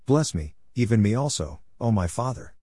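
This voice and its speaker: A man's voice: lowish voice, very animated, moderate pace, mellow, breathy edge, no room sound, studio quality. A man reading the lines of a wronged elder son, pleading in a King James cadence.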